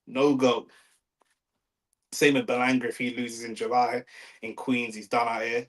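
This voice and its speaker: A young man from London, England, speaking with a London accent in a mid-range voice, hosts a live fight watch-along over a low-quality recording. He keeps things casual and slangy, swearing and reading out chat messages.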